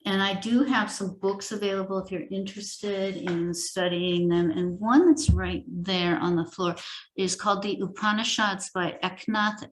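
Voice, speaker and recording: Middle-aged woman teaching spiritual stuff, slow and halting, lots of ums, lowish voice. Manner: gentle, halting explanation with many ums and self-corrections. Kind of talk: informal spiritual teaching talk. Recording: roomy echo.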